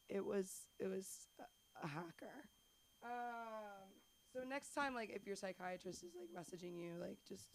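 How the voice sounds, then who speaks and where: A woman doing stand-up at an open mic, chatty and rambling, poking fun at herself as she hosts. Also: mid-range voice. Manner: chatty, rambling, self-deprecating. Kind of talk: stand-up comedy. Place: small comedy club stage.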